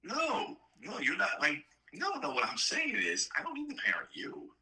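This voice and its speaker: A man's voice: high-pitched, huge pitch swings, normal speed, vocal fry, pushed and bright. Teasing man on a phone line. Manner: teasing, laughing, playful banter. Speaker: fellow meteorologist on the phone. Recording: phone call.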